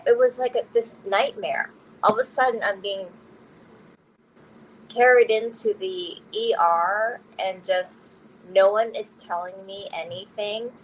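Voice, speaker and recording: A woman speaks slowly and unhurriedly, recounting a personal story in open conversation. She is candid and often laughs through the hard parts. A faint hum sits under her voice. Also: medium pitch, a bit bright, poor audio. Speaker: interview guest.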